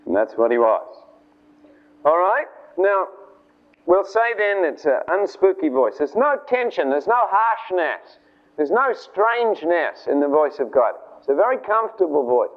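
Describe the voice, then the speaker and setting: A man preaching an informal sermon, telling a story and acting out the voices of its figures in a chatty, animated way. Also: sits high, normal speed. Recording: tinny lo-fi radio broadcast.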